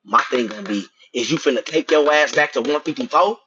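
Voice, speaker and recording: A man, profanely ranting about boxing to his livestream chat, swinging between loud outbursts and muttered asides. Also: medium pitch, fairly quick, a little hiss or hum. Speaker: boxing commentator streaming to chat. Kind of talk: casual livestream rant. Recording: dull lo-fi stream audio.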